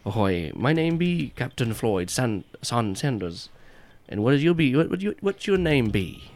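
A man's voice: mid-range voice, very animated, normal speed, darkish tone, pitched above the performer's own voice. A man voicing a jolly, grizzled old pirate boat captain who hams up his pirate talk.

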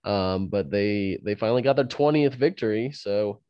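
A man's voice: lowish voice, moderate pace, clean tone, dry recording, dull audio. A man with a cold hosting a casual sports podcast, laughing often and rambling with restarts. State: fighting a cold. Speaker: podcast host.

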